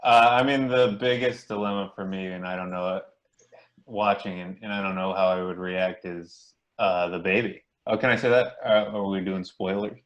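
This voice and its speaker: A male actor being interviewed, talking in a relaxed way and thinking aloud. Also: low voice, moderate pace, dull audio. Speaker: actor guest. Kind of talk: casual interview.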